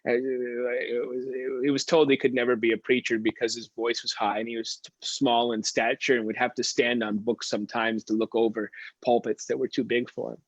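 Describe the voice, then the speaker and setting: Pastor guy teaching bible study, husky voice, dry and kinda dull sound. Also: mid-range voice, flat delivery, normal speed, hardly any pauses, dry recording. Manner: conversational storytelling with restarts.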